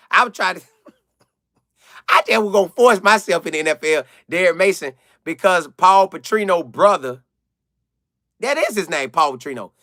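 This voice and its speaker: A young adult man, hosting a casual live chat and answering viewers in an animated way, repeating phrases for emphasis. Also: high-pitched, no echo, clean studio sound.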